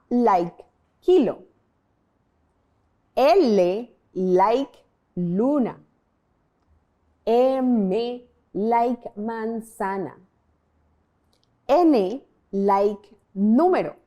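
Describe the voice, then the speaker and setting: A woman leads a beginners' language lesson at a very slow, careful pace, her voice fairly high. Her pitch moves a lot as she draws out each example word. She enunciates clearly and leaves pauses for students to repeat. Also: darkish tone. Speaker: language teacher.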